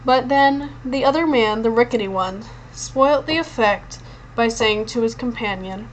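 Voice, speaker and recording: Expressive woman reading a storybook aloud. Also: fairly high pitch, unhurried, a little hiss or hum, low-quality recording. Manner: expressive, with occasional stumbles. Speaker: audiobook reader. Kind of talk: storybook narration in first person.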